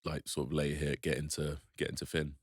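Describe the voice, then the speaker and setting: A man's voice: rumbling low, flat delivery, a little fast, husky, no room sound, studio quality. A man co-hosting a casual podcast chat, laid-back and chipping in short agreements. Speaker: podcast co-host.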